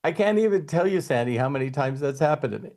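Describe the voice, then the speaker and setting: Animated repetitive male spiritual coach. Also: on the high side, fast. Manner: animated, repetitive, laughs often. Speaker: life coach.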